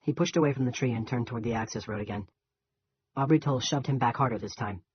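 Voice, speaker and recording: A man reading a novel aloud in a steady, plain narration. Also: medium pitch, fast, slight background noise. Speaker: audiobook reader. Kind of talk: audiobook narration. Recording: dull lo-fi.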